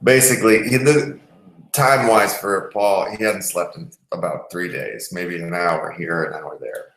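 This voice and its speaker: A man's voice: low-pitched, steady tone, measured pace, a bit bright, reverberant, rough recording. A man hosting a podcast, telling a story in casual chat and rambling with restarts mid-sentence. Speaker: podcast host.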